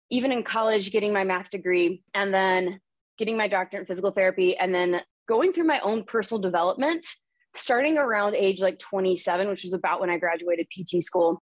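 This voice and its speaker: A woman in her thirties hosting a podcast in a casual, energetic monologue, candid and swearing freely, a little out of breath. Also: mid-range voice, no echo. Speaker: podcast host and coach.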